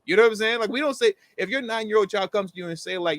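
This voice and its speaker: A man co-hosting a casual commentary chat, animated and slangy, acting out the people he quotes. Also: high-pitched, quick pace, dry recording. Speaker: co-host.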